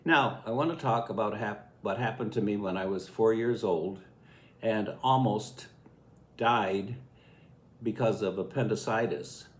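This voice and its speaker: At a measured pace and fairly low pitch, an eighty-something man from Illinois tells a story from his childhood with folksy chuckles. It's a casual spoken memoir, recorded in an echoey room.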